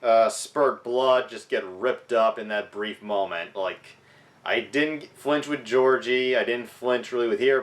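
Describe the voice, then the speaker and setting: A young man reviewing a film in a casual vlog, sounding frustrated as he criticizes it. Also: medium pitch. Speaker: movie reviewer.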